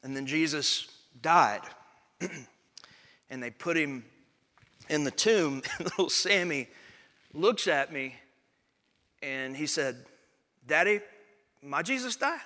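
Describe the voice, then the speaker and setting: Male pastor in his forties: bright, cutting voice, emphatic preaching, long hall reverb. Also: fairly high pitch, takes it slowly, long pauses. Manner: emphatic, swelling into loud proclamation. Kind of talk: sermon.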